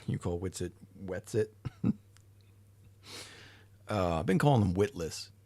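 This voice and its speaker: A man's voice: deep voice, animated, takes it slowly, a little mellow, no echo. A tired man hosting a livestream, chatting casually with his chat, rambling and swearing now and then. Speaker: livestream host. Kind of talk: casual chat reading live chat.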